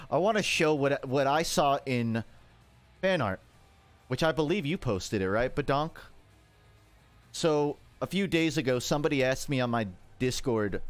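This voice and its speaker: A man with a Midwestern American accent rambles through a casual livestream, cracking self-mocking jokes as he plays. His pitch sits right in the middle range for a man. Faint music plays under his talk. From Georgia, United States. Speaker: streamer. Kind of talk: casual gaming livestream commentary.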